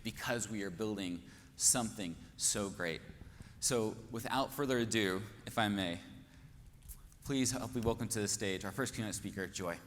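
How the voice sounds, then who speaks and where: A man from Kansas, speaking in a lowish, fairly bright voice at a moderate pace, rouses a conference crowd from the stage with earnest rhetorical questions. The echoey hall adds a faint background noise to the microphone sound.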